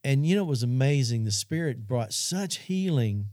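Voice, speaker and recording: Middle-aged man, Christian talk host, earnest storyteller, warm low tone, dry close sound. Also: animated, moderate pace, dry recording. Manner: earnest storytelling, addresses audience. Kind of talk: Christian talk show testimony.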